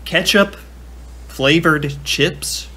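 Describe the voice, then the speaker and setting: A man's voice: fairly high pitch, drawn-out words, sharp tone, husky. A young man giving casual reaction commentary, chatty and self-mocking, thinking aloud as he talks. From United States. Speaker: reaction video creator.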